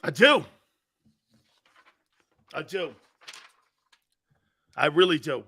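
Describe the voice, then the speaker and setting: A male sports talk host with a forceful, somewhat high voice. He rambles through animated anecdotes and asides, reading off viewers' takes between stories. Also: extremely slow, slightly rough. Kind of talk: live sports talk show.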